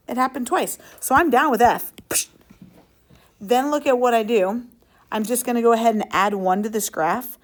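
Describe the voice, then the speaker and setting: A woman teacher leading a classroom lesson, upbeat and playful, asking the class questions as she works through problems. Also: a little high.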